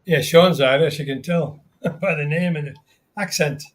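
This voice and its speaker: A man's voice: fairly high pitch, normal speed. An older man chatting casually as a guest on a live stream, reminiscing and saying friendly goodbyes. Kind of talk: casual chat.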